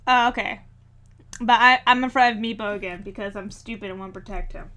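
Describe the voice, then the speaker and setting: A woman playing in a tabletop game, brisk and quick to speak up for her character. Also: a little high, fairly even intonation, sharp tone. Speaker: player. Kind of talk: tabletop role-play chat.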